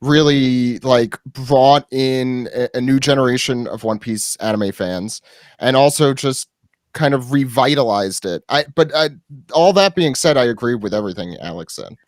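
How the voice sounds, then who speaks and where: A man's voice: mid-range voice, normal speed, no echo, studio quality. A man on a podcast panel giving short, agreeable comments about anime. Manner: brief, agreeable. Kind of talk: casual chat about anime.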